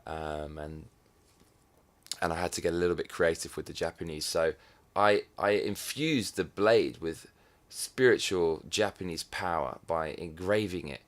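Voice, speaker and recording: Very deep-voiced profane man from England. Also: a little slow. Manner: profane and sardonic, with swings in loudness. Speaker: vlogger. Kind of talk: casual comic monologue.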